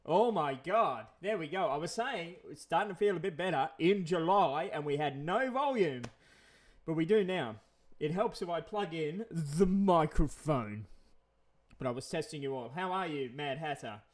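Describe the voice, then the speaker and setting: A man's voice: on the high side, lively intonation, moderate pace. Breathless man rambling on a live stream. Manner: rambling, with many fillers and restarts. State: out of breath from flu. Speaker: channel host. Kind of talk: casual live stream chat.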